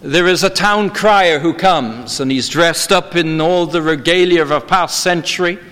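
A man preaching a sermon in a measured, formal way, slowing down for emphasis. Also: fairly high pitch, a bit bright. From England. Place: church. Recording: long hall reverb.

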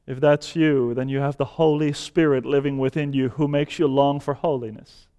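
A man preaching a sermon, speaking deliberately and building to fervent emphasis. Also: medium pitch, steady tone, dark tone, smooth. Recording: long hall reverb.

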